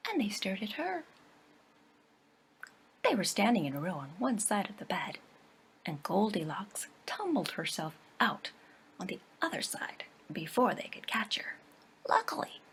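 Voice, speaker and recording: A woman storyteller reading a children's tale aloud, softly and often half-whispered. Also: medium pitch, vocal fry, slight background noise. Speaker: library storyteller.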